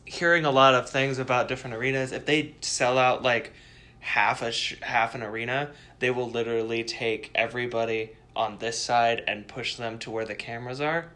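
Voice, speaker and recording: Chatty bright-voiced young man. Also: mid-range voice, moderate pace. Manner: chatty, animated storytelling with laughs. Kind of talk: casual chat.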